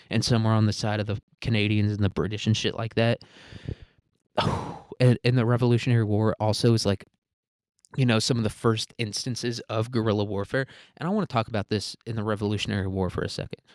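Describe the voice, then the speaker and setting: Young guy rambling and swearing, kinda low voice, dry close sound. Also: level tone, fast talker, a little mellow, clean tone, no room sound. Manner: rambling, crude, laughs often, lots of "like" and "dude". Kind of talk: casual profane ranking chat.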